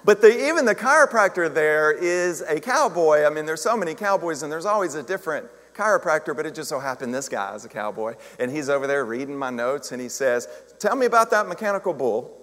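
Male minister, chatty storytelling sermon with wry humor, slightly high voice, long hall reverb. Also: a little fast, hardly any pauses. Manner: chatty, self-deprecating humor, animated retelling. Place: church sanctuary.

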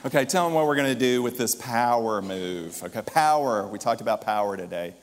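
A man's voice: medium pitch, a little fast, a little hiss or hum. Man preaching in a reverberant hall. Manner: lively, jokey preacher with shifting volume. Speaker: minister. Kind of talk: sermon. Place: church or hall. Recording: long reverb of a large hall.

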